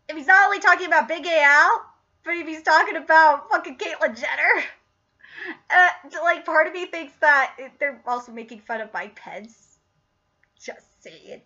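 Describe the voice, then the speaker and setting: Bright high-voiced excitable woman reviewer. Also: normal speed. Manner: excitable, profane, often breaks into laughter. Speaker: TV episode reviewer. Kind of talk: casual video review commentary. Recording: slightly muffled lo-fi recording.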